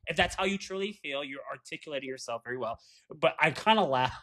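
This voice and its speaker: Guy cohosting a chatty recap pod, emphatic and opinionated, kinda high bright voice. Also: lively intonation, fast talker. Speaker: podcast co-host. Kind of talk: casual chat recapping a reality show.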